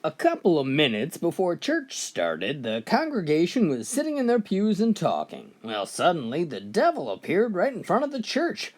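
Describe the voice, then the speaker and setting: Folksy, animated male joke teller. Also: on the high side, normal speed, few pauses. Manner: folksy delivery, often opening lines with "well". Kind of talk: told jokes, comic storytelling.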